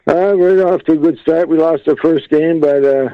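A man, a junior hockey coach answering questions in a casual interview, matter-of-fact with filler pauses. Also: on the high side, fairly even intonation, no room sound. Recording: dull lo-fi line.

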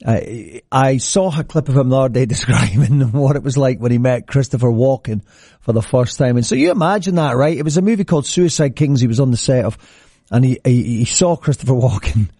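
A man's voice: animated, a little fast, dark tone, no echo, studio quality. A man hosting a morning radio show, chatting upbeat about traffic and an anecdote. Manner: upbeat, chatty, jumps around in pitch. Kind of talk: casual radio chat. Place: radio studio.

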